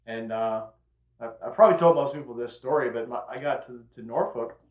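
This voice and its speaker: A man's voice: mid-range voice, a little fast. A man hosting a casual chat, telling a long story and acting out the quotes with a drawl. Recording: echoey room, dull lo-fi sound.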